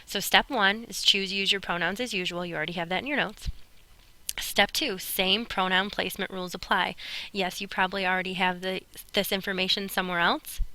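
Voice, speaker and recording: Bright-voiced woman teaching a class. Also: mid-range voice, fairly even intonation, brisk, no room sound, low-quality recording. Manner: upbeat, chatty, addresses students directly. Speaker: Spanish teacher. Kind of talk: recorded classroom lesson narration.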